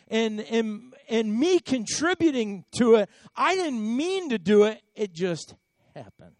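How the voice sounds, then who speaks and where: High-voiced man preaching a storytelling sermon. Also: big pitch swings, takes it slowly, a little mellow, dry recording. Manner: conversational storytelling with repeated words and emphatic swells. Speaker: pastor.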